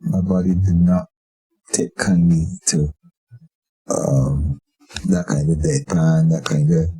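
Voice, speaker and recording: An older man with a Barbadian accent, an interview guest telling stories in a lively way and acting out the voices of people in them. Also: extremely low pitch, slow, breathy edge, low-quality recording. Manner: animated, acts out voices in his anecdotes. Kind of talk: storytelling chat.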